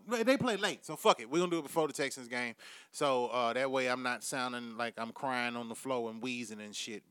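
Animated, profane podcast host man. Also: on the high side, clear, resonant tone, no room sound, studio quality. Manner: profane, animated, swings loud and quiet. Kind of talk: casual comedic monologue.

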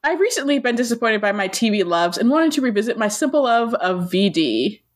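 Woman cohost reading fan reviews out loud, kinda high voice, jokey and teasing. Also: sing-song, a little fast. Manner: playful, teasing, laughs often. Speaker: podcast co-host. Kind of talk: casual chat, reading listener reviews aloud.

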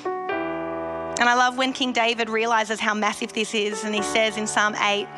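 A woman's voice: fairly high pitch, flat delivery, measured pace, over music. A woman giving an earnest devotional sermon, stressing points by repeating phrases. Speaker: Christian devotional speaker.

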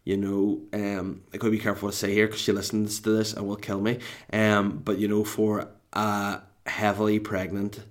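A middle-aged man with a North Down accent from Northern Ireland, a podcast co-host telling a comic story in an animated, self-mocking way and swearing freely. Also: lowish voice, moderate pace. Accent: Northern Irish, North Down.

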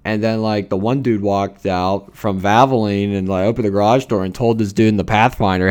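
A man's voice: on the low side, steady tone, a little fast, few pauses, darkish tone, smooth. A young man, ranting casually and profanely, full of fillers and rambling asides. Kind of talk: casual rant.

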